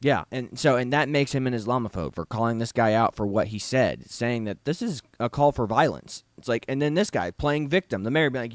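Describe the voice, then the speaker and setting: A man's voice: medium pitch, animated, a little fast, hardly any pauses, no room sound, studio quality. A man hosting a talk show, giving indignant commentary with rhetorical questions. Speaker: show host. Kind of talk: opinionated commentary chat.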